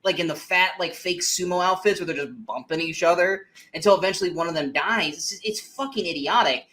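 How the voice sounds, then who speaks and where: A man co-hosting a movie review podcast, ranting in an animated, exasperated way with plenty of swearing. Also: sits high, a little fast. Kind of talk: casual movie review chat.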